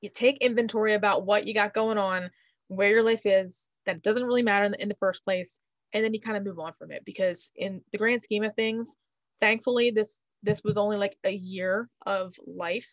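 A woman hosting a podcast, talking in a relaxed, reflective, chatty way. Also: medium pitch, moderate pace, dry recording. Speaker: podcast host. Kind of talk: casual podcast chat.

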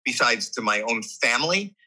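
Middle-aged male guest, husky and forceful, animated storyteller who acts out every quoted voice. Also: mid-range voice, moderate pace, poor audio. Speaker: podcast guest. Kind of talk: candid storytelling.

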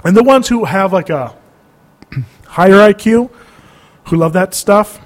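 Blunt, crude-joking man, higher voice. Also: expressive, unhurried. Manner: blunt, crude, mocking jokes. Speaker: podcast co-host. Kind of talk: casual podcast banter.

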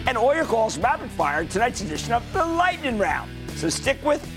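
A man's voice: very high voice, big pitch swings, a little fast, over music. A man hosting a stock market TV show, losing his voice, giving emphatic, punchy commentary straight to viewers. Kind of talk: energetic financial TV commentary.

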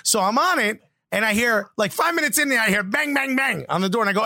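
A podcast co-host from Newark, New Jersey, telling a story in casual chat. He is animated and excitable, often laughs mid-sentence, and acts out other people's lines. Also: sits high, quick pace, vocal fry, hardly any pauses, no echo. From Newark, New Jersey, USA.

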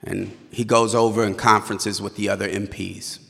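A man telling a personal story live on stage, halting and stammering at tense moments. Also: fairly low pitch, little pitch movement, gravelly, sharp tone, in a large hall.

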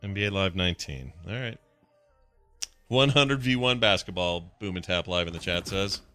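A man co-hosting a live stream, chatting casually and excitably as he reacts to game trailers. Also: low-pitched, moderate pace, soft background music. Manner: excitable, jokey, lively intonation. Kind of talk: casual chat.

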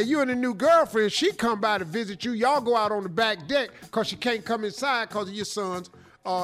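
A man with a high, bright voice that swings widely up and down as he hosts a radio advice show. He jokes and talks in slang while he reads out and reacts to a listener's letter. Soft music plays faintly behind him. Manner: animated, joking, slangy, acts out scenes. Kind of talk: comic advice talk.

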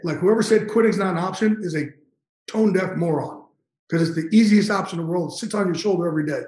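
A man's voice: sits high, fast, darkish tone, roomy sound, poor audio. A man in his fifties, a guest on an interview show, telling an emotional story with intense, profane energy and getting choked up. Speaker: guest, NFL insider.

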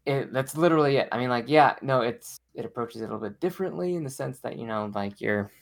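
An enthusiastic man co-hosting a casual podcast, with a gravelly, creaky edge to his voice. He talks in an animated, excited way. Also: medium pitch, fast talker. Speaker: podcast co-host.

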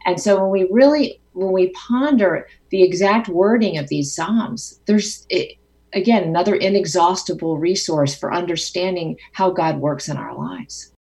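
A middle-aged woman speaks as a guest in a conversation, thoughtful and earnest, often circling back to restart a phrase. Her voice sits somewhat low for a woman. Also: a little slow, creaky, darkish tone. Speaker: author and guest. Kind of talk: phone interview conversation.

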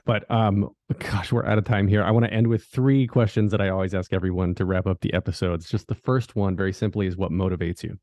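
Brief: male podcast host, low voice, enthusiastic, close dry mic. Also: steady tone, fairly quick, hardly any pauses, dark tone, dry recording. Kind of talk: interview hosting.

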